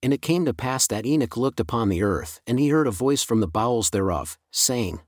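A man's voice: mid-range voice, expressive, no room sound, studio quality. Solemn man reading scripture. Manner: solemn, measured, unhurried. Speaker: scripture reader.

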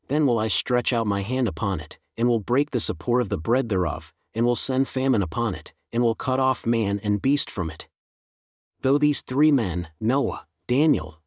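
Man giving a measured scripture reading. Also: mid-range voice, no echo, clean studio sound. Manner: measured, slows on solemn refrains. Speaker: Bible reader.

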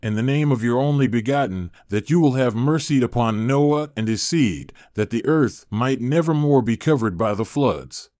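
A man's voice: medium pitch, moderate pace, hardly any pauses, darkish tone, dry recording, clean studio sound, lightly acted. A man voicing the prophet Enoch in a scripture reading, pleading earnestly with God.

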